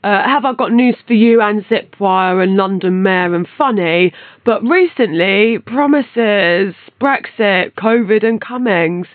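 A woman's voice: mid-range voice, no room sound, natural voice. A woman playing a disgruntled radio caller who lists her complaints bluntly. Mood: grumbling. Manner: slow, listing words bluntly. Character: disgruntled female phone-in caller, simple-minded. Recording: tinny phone line.

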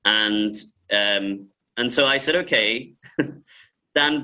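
A man, a film director, telling lively stories in a casual interview, often laughing and repeating words. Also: on the low side, very slow, poor audio.

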